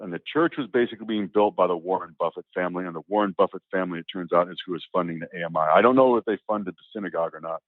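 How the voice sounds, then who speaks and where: A man telling a personal story as an interview guest, animated and acting out the dialogue as he goes. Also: deep voice, no echo. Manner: animated, acts out quoted dialogue, repeats words. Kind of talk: casual spoken storytelling. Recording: tinny, phone-like, dry.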